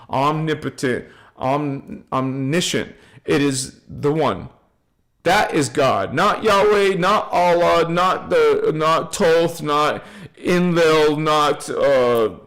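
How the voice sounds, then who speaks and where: In a fairly high, slightly bright voice, a spiritual channel host gives viewers an informal talk. He is emphatic and repetitive, chanting affirmations and lists of names.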